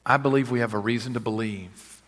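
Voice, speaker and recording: A man preaching a sermon as a pastor, swinging between rising, forceful declarations and quiet, wry asides. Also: mid-range voice, steady tone, a little fast, in a large hall.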